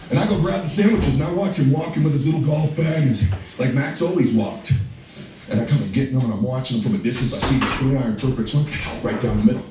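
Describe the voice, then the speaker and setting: A man telling a personal story as a father, emotional and breathless, swearing and breaking into shouts. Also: mid-range voice, fairly quick. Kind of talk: animated storytelling to an audience. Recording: echoey room from far off with music.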